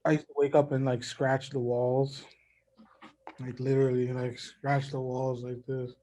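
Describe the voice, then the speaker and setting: Young man, mid-pitched, easygoing and laid-back in a casual chat. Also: flat delivery, unhurried, warm tone. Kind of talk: casual conversation.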